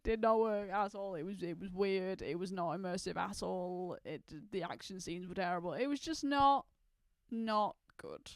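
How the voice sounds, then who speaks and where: A woman's voice: mid-range voice, moderate pace, no room sound. A woman co-hosting a podcast, agreeing readily and giggling as she chats. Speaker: podcast co-host. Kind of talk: casual chat.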